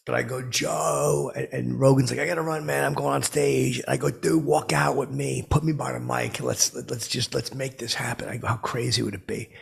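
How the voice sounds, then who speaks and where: A clueless, self-important braggart, as a man puts him on for a comedic monologue, his voice gravelly and rough with a husky, raspy edge. He rambles through his boasts, looping back on himself again and again. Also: medium pitch, fairly even intonation, moderate pace, few pauses, heavily acted. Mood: rambling boastful. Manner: rambling, self-aggrandizing, repeats "I go". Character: boastful, clueless middle-aged man telling tall tales.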